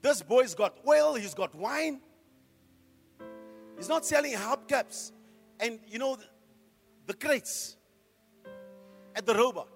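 A middle-aged man preaching a sermon as a pastor, firing off rhetorical questions and swinging from hushed to loud. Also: very high-pitched, animated, slow pace, long pauses, faint music behind.

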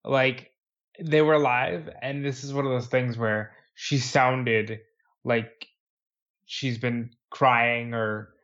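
Animated man on muffled lo-fi audio. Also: mid-range voice, takes it slowly. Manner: animated storyteller acting out quotes. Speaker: podcast co-host. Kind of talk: casual wrestling discussion. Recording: dull lo-fi audio.

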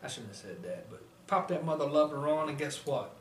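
A man's voice: on the high side, lively intonation, brisk. A man co-hosting a casual talk show, rambling with lots of fillers and casual swearing. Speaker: podcast co-host. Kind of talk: casual chat. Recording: echoey room, mic at a distance, faint noise.

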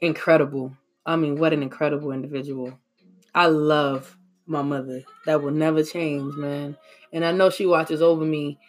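A man's voice: fairly high pitch, level tone, moderate pace. A man talking casually and emotionally to his viewers, reflective, with sighs, slang and restarts. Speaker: vlogger. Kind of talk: casual heartfelt monologue.

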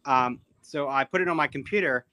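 A man joining a sports talk show as a guest, telling stories in an excited way. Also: medium pitch, a little fast, no echo. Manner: excited, storytelling. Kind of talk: casual sports chat.

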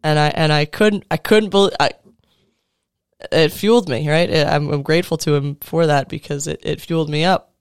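Earnest thirty-something male coach, even tone. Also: on the high side, smooth, no echo, studio quality. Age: 30s. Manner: earnest and conversational, with casual fillers and restarts. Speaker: sports coach speaking to fellow coaches. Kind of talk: motivational talk.

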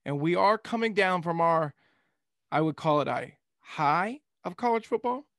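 A man's voice: sits high, expressive, moderate pace, a bit bright, no room sound, clean studio sound. A young man co-hosting a casual sports talk show, joking and slipping into silly impressions.

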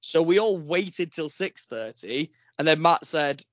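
A man's voice: a little high, animated, measured pace, a bit bright, dry recording. Podcast host, man, loose and jokey, bit sick, muffled dry remote mic. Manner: joking, rambling, swears freely. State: slightly ill. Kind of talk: casual podcast chat. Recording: dry, dull lo-fi remote recording.

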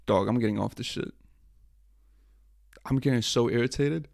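A man's voice: mid-range voice, moderate pace, gravelly, a little mellow, no echo, studio quality. A young man hosting his own podcast over a livestream, talking casually, swearing and mocking himself. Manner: frustrated, profane, self-mocking. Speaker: podcast host.

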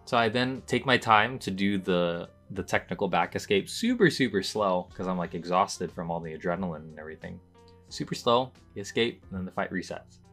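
A young man hosting a podcast, telling a personal story in a casual, chatty way, with lots of fillers and bursts of excitement as he relives moments. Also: sits low, brisk, soft background music. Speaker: podcast host.

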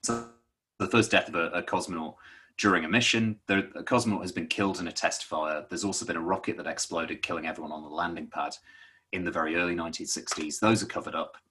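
A man's voice: low-pitched, steady tone, fast, pushed and bright, husky. A man explaining a topic in casual conversation, rambling with lots of fillers and restarts.

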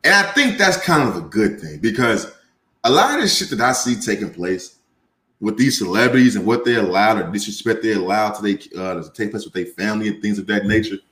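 A man hosting a podcast, ranting casually with heavy profanity and rising heat. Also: husky. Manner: profane, heated, gets louder and higher when ranting. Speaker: podcast host.

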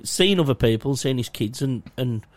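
A man's voice: medium pitch, lively intonation, normal speed, no echo. A young man, rambling through a sweary, self-mocking story in casual chat. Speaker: podcast co-host.

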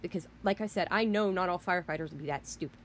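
Heated ranting woman, low-pitched voice. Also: fast. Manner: indignant, heated, swears mildly, restarts often. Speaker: podcast host. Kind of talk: casual rant.

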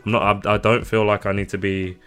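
A young man from London, co-hosting a casual podcast and telling stories in an animated way, swearing freely and acting out what people said. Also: fairly low pitch, fairly quick, clear, resonant tone, faint music behind. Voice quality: swears freely, animated storytelling with acted-out quotes. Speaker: podcast co-host. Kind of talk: casual chat.

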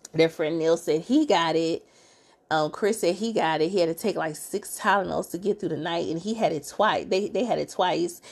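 A woman hosting a podcast, giving a casual, chatty recap full of fillers and expressive asides. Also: fairly low pitch, vocal fry. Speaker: podcast host.

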